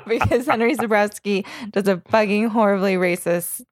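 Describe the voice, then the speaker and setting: A woman's voice: medium pitch, normal speed, no echo, clean studio sound. A woman co-hosting a podcast in casual chat, rambling, laughing often and swearing freely. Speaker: podcast co-host.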